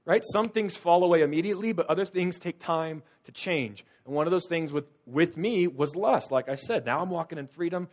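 A young man preaching a sermon in a conversational storytelling way, swinging from loud, urgent bursts to quiet, low-voiced confiding. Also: a little fast, hardly any pauses. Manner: conversational storytelling with casual fillers.

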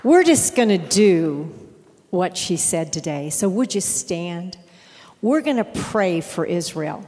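A woman's voice: fairly low pitch, very animated, a little mellow. A woman pastor leading her congregation into prayer, directive. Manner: slow, directive. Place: church sanctuary. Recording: church hall reverb.

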